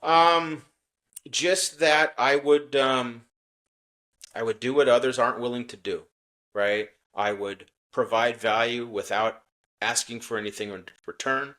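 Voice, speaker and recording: A middle-aged man, a company chief, telling a customer-service story in a relaxed interview with earnest restarts. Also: medium pitch, unhurried. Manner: earnest, acts out quoted dialogue, many restarts. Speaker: menswear company CEO, podcast guest. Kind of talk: casual interview talk, storytelling.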